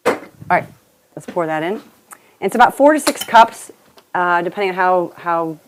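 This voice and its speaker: A woman's voice: on the low side, lively intonation, moderate pace, background noise. A woman hosting a cooking show in a home kitchen, chatting and joking her way through a recipe. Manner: chatty, playful, laughs often. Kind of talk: casual cooking demonstration.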